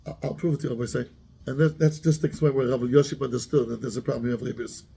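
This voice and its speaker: A man's voice: medium pitch, fairly even intonation, quick pace, vocal fry, mellow, breathy edge. A man, a rabbi giving a Torah class who keeps asking his students questions and mixes Hebrew terms into his English.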